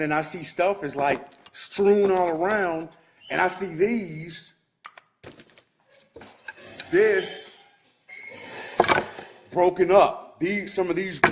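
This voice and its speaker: A man's voice: medium pitch, a little hiss or hum. A married man, ranting in a rambling, agitated way to his live viewers from inside his shop. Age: adult, married with kids. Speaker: vlogger talking to live viewers. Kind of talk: casual live-stream rant.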